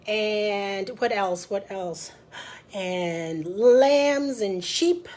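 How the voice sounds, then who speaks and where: A woman librarian leading a children's storytime, chatting directly to young listeners and reading a picture book aloud. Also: on the high side.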